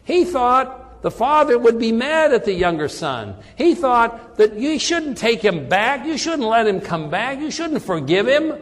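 A man's voice: extremely high pitch, sing-song, a little slow, few pauses, big-room sound. A man preaching a sermon in an earnest way, often repeating words as he searches for the phrasing.

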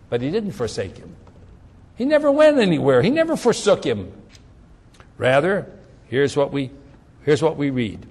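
Animated preacher man in a reverberant hall. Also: fairly high pitch. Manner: reads scripture aloud with slow emphatic stress, repeats himself. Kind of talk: sermon.

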